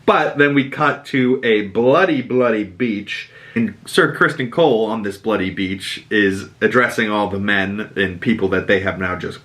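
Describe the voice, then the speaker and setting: A man's voice: fairly low pitch, moderate pace, hardly any pauses, a bit bright. A man with a Boston accent hosting a podcast, chatting casually through an episode recap with plenty of swearing. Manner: chatty, profane, acts out quotes. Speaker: podcast host.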